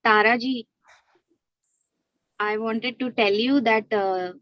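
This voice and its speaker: Woman, higher pitch, hesitant group-call comment, dull dry line. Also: steady tone, slow pace, dry recording. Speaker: session participant.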